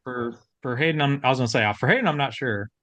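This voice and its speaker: A man telling a story in relaxed casual podcast chat, with many fillers. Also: mid-range voice, fast talker, no room sound. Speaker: podcast co-host.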